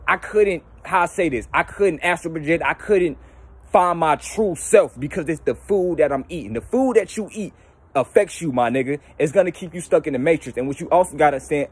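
A young man hosting his own channel, talking casually and profanely about spiritual ideas, animated and slipping into mocking voices. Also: a little high, slightly rough. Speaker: YouTube channel host.

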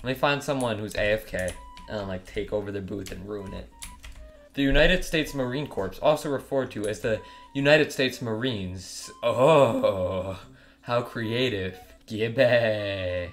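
Crude joking young man, low voice. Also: unhurried, soft background music. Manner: joking, mocking, crude humor. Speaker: gaming YouTuber. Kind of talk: trolling gameplay commentary.

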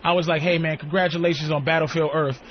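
A man guesting on a radio talk show, telling animated, profane stories and acting out the people in them. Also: a little high, fast. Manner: animated, profane, acts out quoted voices. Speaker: guest comedian. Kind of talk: casual radio banter, storytelling. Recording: muffled radio broadcast with faint hiss.

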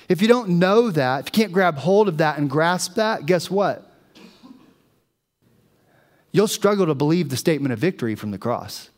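A man preaching a sermon in a church, telling stories animatedly to the congregation. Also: high-pitched. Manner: animated storytelling, addressing the congregation. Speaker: pastor. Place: church sanctuary. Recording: long reverb of a church hall.

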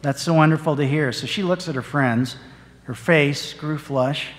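A parish priest giving a sermon, telling a story in an earnest, measured way. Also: male voice, fairly high pitch. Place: church. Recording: long church reverb.

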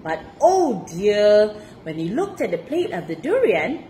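A woman from Malaysia reading a children's storybook aloud to her child, expressive with laughing asides. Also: medium pitch, unhurried, a little hiss or hum, low-quality recording.

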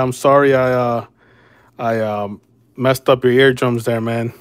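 A man hosts a casual livestream card break at an easy, unhurried pace. His talk is laid-back and chummy, calling viewers brother and man. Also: mid-range voice, steady tone, clear, resonant tone. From Chicago area.

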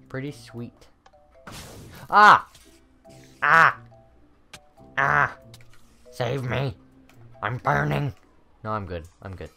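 Gamer doing a let's play, mutters then shrieks a lot, really up and down voice, bit of game music behind. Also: medium pitch. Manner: excitable, swings from muttering to shrieking. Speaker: gamer playing a maze map.

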